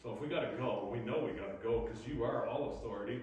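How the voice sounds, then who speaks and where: A man preaching a sermon, animated, acting out the voices in his stories. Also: mid-range voice, fast talker, a little hiss or hum. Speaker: pastor. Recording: echoey room, from far off.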